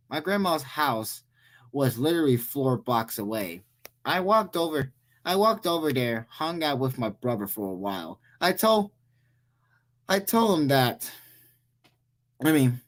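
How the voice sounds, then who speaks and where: A man's voice: medium pitch, fairly bright tone. A young man reading a Reddit story aloud, stumbling over words and restarting his sentences often. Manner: stumbling, frequent restarts and self-corrections. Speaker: story reader.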